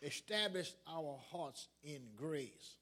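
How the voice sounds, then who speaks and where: High-voiced preaching man. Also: lively intonation, takes it slowly, sharp tone. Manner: preaching with call-and-response questions to the congregation. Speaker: pastor. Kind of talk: sermon. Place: church sanctuary.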